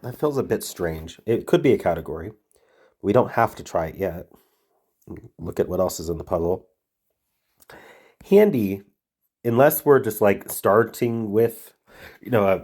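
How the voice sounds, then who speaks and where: Stuffed up from a cold, this man hosts a puzzle-solving video, muttering his way through word puzzles and reading the words out loud before trailing off. His voice sits low, slightly rough and a little mellow.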